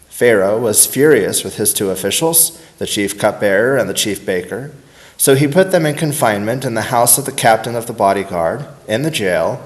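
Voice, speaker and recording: A man reading scripture aloud at a steady, unhurried pace. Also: fairly low pitch. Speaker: scripture reader.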